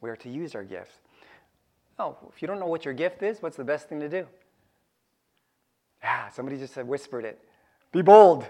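A man preaching a sermon to his congregation, lively and jokey, repeating key phrases for emphasis. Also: on the high side, normal speed, pauses often. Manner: animated, joking asides, repeats key phrases. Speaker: pastor.

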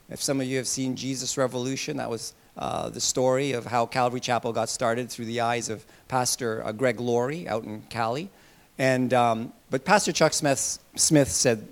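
A man preaching a sermon to his congregation, animated, with loud bursts and soft asides. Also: medium pitch. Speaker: pastor.

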